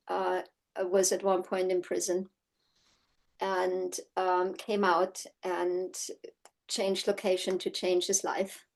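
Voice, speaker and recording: Woman from Germany, horsemanship teacher, unhurried reflective delivery, mid-range voice, frequent "right?" tags. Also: mid-range voice, vocal fry, poor audio. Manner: reflective, often adds "right?" as a check-in. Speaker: horsemanship course instructor. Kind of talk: teaching session with personal storytelling.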